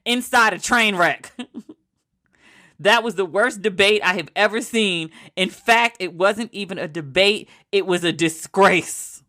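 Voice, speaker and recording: A woman hosting a casual commentary podcast, ranting in an animated, sarcastic way with plenty of profanity. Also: mid-range voice, takes it slowly. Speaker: podcast host.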